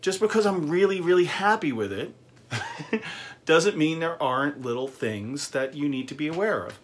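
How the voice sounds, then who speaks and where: A man's voice: on the high side, expressive, normal speed. A man giving a casual, chatty guitar review, with frequent fillers and easy laughs.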